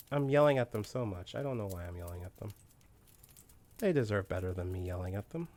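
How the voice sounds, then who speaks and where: A man's voice: fairly low pitch, expressive, a little fast, a little mellow. A man chatting casually on a live game stream, swearing freely and barking orders at the game characters. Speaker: streamer playing a colony sim game.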